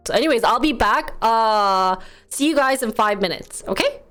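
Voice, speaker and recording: Young woman streamer, Wisconsin accent, animated and chatty, quick giggles. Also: on the high side, faint music behind. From United States. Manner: chatty, giggly, reads and answers chat. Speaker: live streamer. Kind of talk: casual live-stream chat with viewers. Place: her home.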